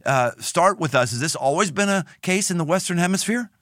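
A man's voice: high voice, lively intonation, a little fast, a bit bright, no room sound, clean studio sound. An American man hosting a casual interview, chatty and jokey, often repeating his words. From United States. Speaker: podcast host and pastor.

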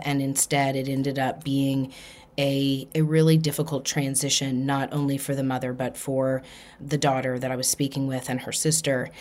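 A woman hosting a spiritual podcast, telling a personal story in an earnest, animated way and acting out the dialogue. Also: low voice. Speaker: podcast host.

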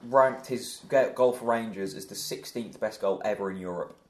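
A man's voice: on the low side, normal speed, darkish tone. A man hosting a football podcast in casual, jokey chat. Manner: chatty, jokey, laughs easily. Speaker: podcast host. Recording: echoey room.

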